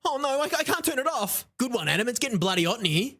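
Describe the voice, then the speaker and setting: A man's voice: extremely high pitch, very animated, quick pace, bright, forceful tone. A man, flustered and joking in a comedy sketch.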